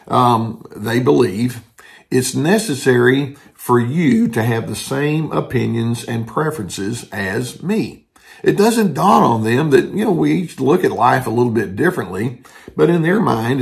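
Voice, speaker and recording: A man's voice: mid-range voice, creaky. An older man, a therapist, explaining in an earnest talking-head style and briefly quoting others as he goes.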